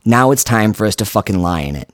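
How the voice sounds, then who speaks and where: A man's voice: on the low side, lively intonation, quick pace, no echo, clean studio sound. A man co-hosting a podcast who rants in a heated, emphatic way and swears often. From United States. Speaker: podcast co-host. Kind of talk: casual podcast rant.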